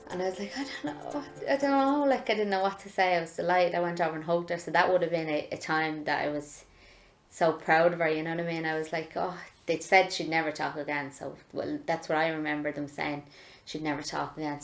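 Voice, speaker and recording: A woman's voice: low-pitched, creaky. A young woman with an Irish accent chatting through a memory, full of fillers. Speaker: interviewee, daughter of the patient. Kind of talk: recorded testimony. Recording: echoey room.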